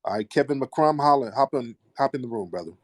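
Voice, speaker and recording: A man's voice: mid-range voice, expressive, quick pace. A commanding man runs a live call-in show. He talks in a blunt, scolding way, and his voice jumps up and down a lot. The sound is dry, with no room echo. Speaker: host.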